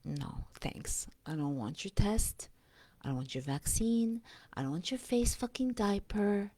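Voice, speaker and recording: A woman vlogging in a casual, rambling monologue, often dropping to a breathy whisper and speaking bluntly with profanity. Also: mid-range voice, animated, unhurried, dark tone, no echo.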